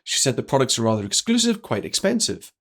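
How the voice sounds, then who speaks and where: Energetic man telling a story. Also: medium pitch, fast, slightly rough. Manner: energetic, acts out quoted dialogue. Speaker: guest speaker. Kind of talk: animated storytelling in a podcast interview.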